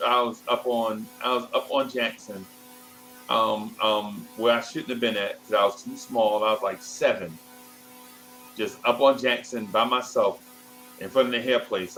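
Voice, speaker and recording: A man's voice: mid-range voice, moderate pace, faint music behind, rough recording. A man in his fifties telling a rambling childhood story in casual talk, jumping into other people's voices as he goes. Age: 50s. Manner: animated, acts out other people's voices in quotes; loose, rambling, restarts and asides. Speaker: show host.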